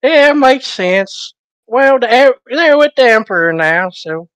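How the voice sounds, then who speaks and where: Female player, hesitant, high lively voice, dry sound. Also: measured pace, dry recording. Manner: hesitant, many fillers. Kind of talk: casual in-character play.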